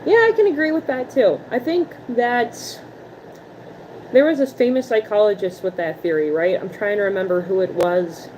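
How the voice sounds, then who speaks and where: A woman's voice: mid-range voice, moderate pace, a little mellow, slight background noise, poor audio. A woman hosting a livestream in casual chat, responding to viewer messages aloud in a playful manner and laughing often.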